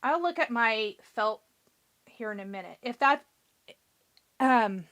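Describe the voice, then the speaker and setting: A woman hosting a live craft tutorial, chatty and encouraging, talking through each step and answering viewers' comments, her voice a little hoarse. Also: on the high side, lively intonation, slow, a bit bright. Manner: chatty, encouraging, thinks aloud while working. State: a bit hoarse. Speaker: craft show host.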